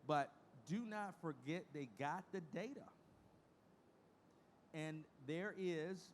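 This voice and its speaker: A man's voice: on the high side, slight background noise. A middle-aged man giving a conference presentation in a folksy, emphatic way, repeating key phrases for emphasis. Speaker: conference speaker.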